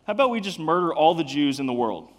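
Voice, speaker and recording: Guy playing a wicked adviser, cold and offhand, a bit loud. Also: fairly high pitch, big pitch swings, fast talker, big-room sound. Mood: callous. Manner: callous, casual. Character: wicked scheming royal adviser.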